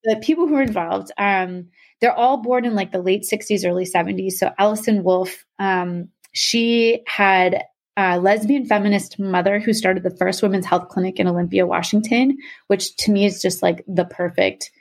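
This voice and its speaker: In relaxed podcast banter, a young adult woman breaks down a topic for her co-host, her talk packed with "um" and "like." Her voice sits at a medium pitch and moves at a normal pace.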